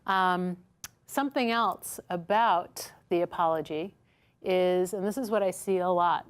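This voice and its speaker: A woman with a fairly low voice teaches a customer-service workshop in a studio classroom. She is lively and acts out little dialogues, often asking the room "right?". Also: measured pace, clean tone. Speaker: instructor. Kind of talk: recorded workshop lesson. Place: studio classroom with a small audience.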